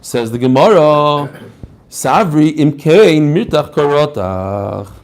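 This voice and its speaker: A man teaching a lively Talmud class, mixing in Hebrew and Aramaic terms and acting out the rabbis' answers. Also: fairly high pitch, takes it slowly. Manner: animated, mixes Hebrew and Aramaic terms, acts out quoted answers.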